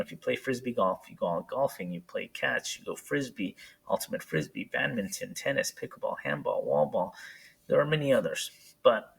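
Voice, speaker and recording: A man teaching PE, talking through homework instructions in a relaxed, explanatory way with many fillers while recording his screen. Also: lowish voice, vocal fry, slightly rough, rough recording.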